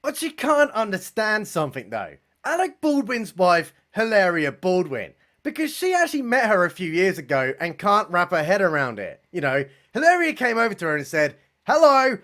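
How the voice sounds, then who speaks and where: In a high-pitched voice, a young man tears into a comedy special with sarcasm and mockery, dropping deadpan remarks and casual profanity.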